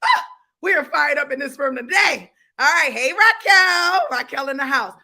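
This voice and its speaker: A woman's voice: high voice, expressive, normal speed, gravelly, pushed and bright. A woman hosting a livestream business class, hyping up her viewers, greeting them by name and repeating her key points. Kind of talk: energetic livestream coaching.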